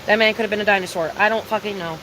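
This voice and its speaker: A woman's voice: medium pitch, steady tone, rapid-fire, background noise. A young woman talking to her live-stream viewers in a casual, confessional way, emphatic and full of swearing and repetition. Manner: confessional and emphatic, heavy swearing, repeats herself. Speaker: livestreamer.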